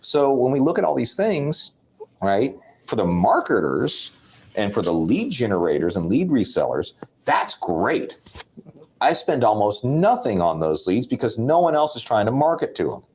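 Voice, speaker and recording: A man's voice: mid-range voice, very animated, moderate pace, darkish tone, husky. A man co-hosting a sales talk show, talking bluntly and making his points like a lecture. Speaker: podcast co-host.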